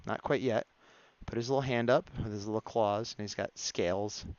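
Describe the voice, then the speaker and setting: A man's voice: lowish voice, steady tone, moderate pace, a little mellow, no echo, muffled recording. A man chatting in a playful, easygoing way as he narrates his drawing on a live stream. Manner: playful and chatty, laughs at his own jokes.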